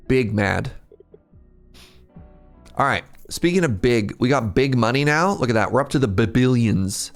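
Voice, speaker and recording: A young adult man streams an incremental game, and his animated, medium-pitched voice moves at a measured pace with long pauses. He chats casually with viewers, reads their names and often laughs, while faint game music runs underneath.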